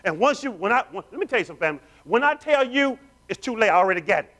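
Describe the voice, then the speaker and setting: A male pastor with a high voice and a very lively, sweeping pitch. He preaches with call-and-response, urging the congregation on as family. His volume dips from loud declarations to near-whispered asides. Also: racing. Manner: swings between loud declarations and hushed, low asides. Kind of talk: sermon. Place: church sanctuary.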